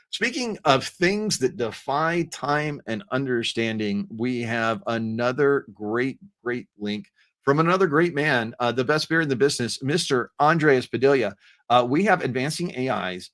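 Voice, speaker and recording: A man's voice: medium pitch, lively intonation, a bit bright. Playful, storytelling man in his forties. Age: 40s. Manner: playful storyteller, halting restarts. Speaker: host. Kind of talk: casual panel chat.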